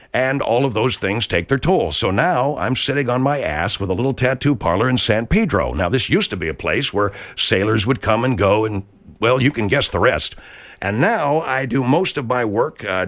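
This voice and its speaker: A man voicing a washed-up, boastful tattoo artist in a comedy radio sketch, talking in a low, rambling drawl. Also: fairly bright tone, natural voice. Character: washed-up gravel-voiced male tattoo artist.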